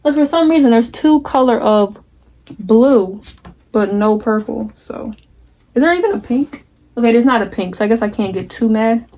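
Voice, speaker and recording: A candid, chatty woman in her twenties talks straight to her viewers while working on a craft project. Her voice sits a little on the higher side, and she keeps it relaxed and unscripted. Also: normal speed. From United States. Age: 20s. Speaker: vlogger. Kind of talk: casual vlog chat while crafting.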